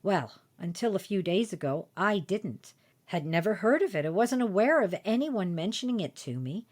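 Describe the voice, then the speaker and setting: A woman's voice: medium pitch, expressive, moderate pace, darkish tone. A woman hosting a podcast, telling a personal story in a chatty, self-deprecating way. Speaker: podcast host.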